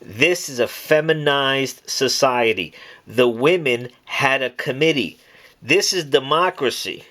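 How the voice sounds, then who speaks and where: A man's voice: medium pitch, sharp tone. Emphatic man preaching on scripture. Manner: emphatic, repeats key words, stretches words out slowly for stress. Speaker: Bible teacher.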